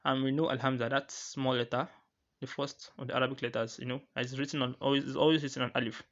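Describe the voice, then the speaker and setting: A patient male teacher walks through a poem line by line, restating each idea in new words. His voice sits at an ordinary middle pitch, and the recording sounds a little dull and lo-fi. Now and then he chants a verse quickly before explaining it. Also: level tone, a bit bright. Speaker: Quran recitation teacher.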